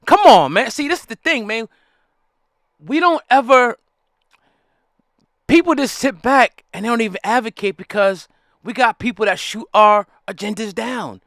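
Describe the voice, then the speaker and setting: A man rants at his audience in a high, bright, jumpy voice. He hammers the same points over and over, preacher-like and fiery. The sound is dry and close. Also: moderate pace, pauses often, dry recording. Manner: fiery, repetitive, preachy, addresses the audience directly. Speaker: commentary host. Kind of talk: heated ranting commentary.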